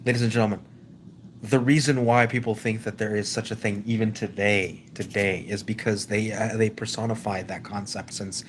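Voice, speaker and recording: A man hosting a live stream, talking off the cuff in a rambling way, with frequent restarts, and repeatedly calling out to his viewers as ladies and gentlemen. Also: lowish voice, level tone, moderate pace, a little hiss or hum. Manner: rambling, with many restarts and stumbles; keeps addressing the audience as "ladies and gentlemen". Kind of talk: casual opinion monologue.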